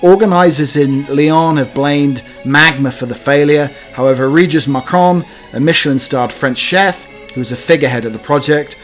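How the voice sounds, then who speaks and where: A man hosting a comic news podcast, rambling cheekily and pausing often with fillers. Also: on the high side, soft background music. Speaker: podcast host.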